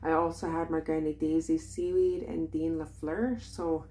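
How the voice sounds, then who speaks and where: A woman with a thick Kwak̓wala-influenced English accent, teaching in a casual vlog, unhurried and loose with plenty of fillers. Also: sits low, flat delivery, mellow. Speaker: language teacher.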